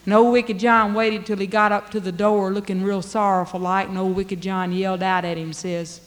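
A woman's voice: mid-range voice, level tone, moderate pace. A woman telling a folk tale in a drawling, dialect-rich way. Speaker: storyteller. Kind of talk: folk storytelling performance. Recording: long hall reverb.

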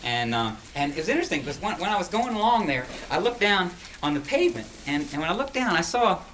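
A man's voice: high-pitched, very animated, quick pace, a bit bright. A man telling a story in a folksy, rambling way, full of restarts and chuckles. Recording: distant mic with clear noise.

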